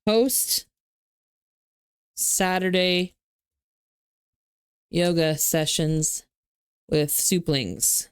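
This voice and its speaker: A woman's voice: lowish voice, very slow, pauses often, clear, resonant tone, dry recording, studio quality. A young woman streamer chatting casually with her viewers, laughing often and swearing freely.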